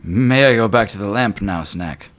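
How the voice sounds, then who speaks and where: A man's voice: fairly low pitch, moderate pace, a bit bright, pitched above the performer's own voice, natural voice. A man voicing a dramatic, exhausted genie in a tabletop game. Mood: fussy, weary. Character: weary, sweaty genie spirit, fussy and dramatic.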